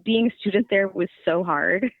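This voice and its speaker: A woman's voice: mid-range voice, moderate pace, no echo. Chatty woman on a tinny line. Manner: chatty, laughs often, animated storyteller. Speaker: guest. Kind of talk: casual interview talk.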